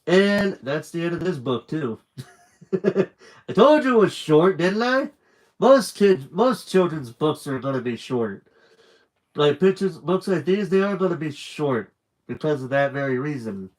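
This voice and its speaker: A man reading a children's book aloud on a live stream with lively, animated narration and chatty asides. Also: on the high side, a little slow, poor audio.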